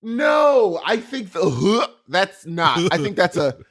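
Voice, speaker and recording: A man's voice: high-pitched, sing-song, slow pace, fairly bright tone. A young man co-hosting a podcast, rambling in casual chat and acting out little voices. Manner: rambling, jokey, acts out voices. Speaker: podcast co-host.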